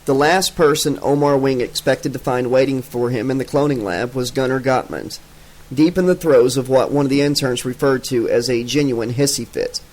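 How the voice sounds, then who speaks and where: A man's voice: medium pitch, moderate pace, a little mellow, poor audio. Man reading a horror audiobook. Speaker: audiobook narrator.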